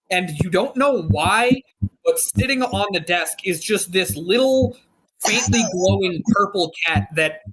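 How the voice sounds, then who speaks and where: A man's voice: fairly high pitch, sharp tone, low-quality recording. A man narrating a tabletop game as game master, in a loose, joking way with frequent laughs.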